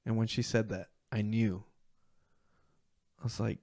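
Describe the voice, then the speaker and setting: Young man, low voice, dry close sound, earnest halting storytelling, acts out other voices. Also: steady tone, creaky, darkish tone, no room sound. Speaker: guest. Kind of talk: emotional personal storytelling.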